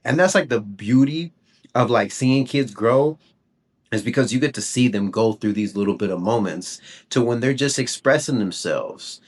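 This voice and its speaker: A young man hosting a podcast tells a story in a relaxed, chatty way. He is animated as he talks and slips into little voices for the people in it. His pitch sits in an ordinary middle range. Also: measured pace. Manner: animated, acts out voices and laughs while telling a story. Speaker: podcast host. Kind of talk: storytelling anecdote, casual.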